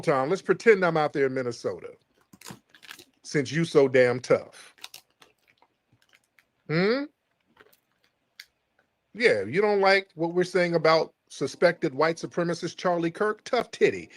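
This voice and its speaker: A man running a call-in stream talks in a taunting, mocking, commanding way. His voice sits a bit high for a man. The sound is dry and close, with no room around it. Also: no echo. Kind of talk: heated call-in argument.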